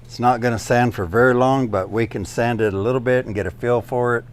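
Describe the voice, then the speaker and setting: A man's voice: mid-range voice, steady tone, fairly quick, smooth. A man demonstrating a drywall sander indoors, casually walking through practical, step-by-step pointers as a DIY YouTuber.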